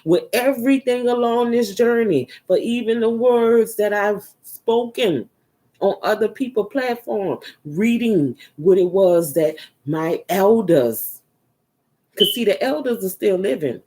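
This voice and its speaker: A woman's voice: medium pitch, lively intonation, a little slow, dark tone. A woman giving a casual spiritual energy reading, talking in a loose, rambling way that drifts into murmurs. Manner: loose, rambling and repetitive, drifting into murmurs while searching a book. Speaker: spiritual reader.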